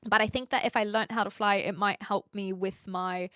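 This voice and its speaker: A woman's voice: medium pitch, fairly even intonation, normal speed, pushed and bright, no room sound, studio quality. A woman in her twenties with a New Zealand accent, chatting casually with her live stream viewers, laughing often and teasing herself. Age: 20s.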